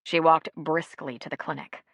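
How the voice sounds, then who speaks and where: A woman narrating an audiobook with steady, even storytelling. Her voice sits low. The recording is close and dry, with no room sound. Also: normal speed, gravelly, dry recording.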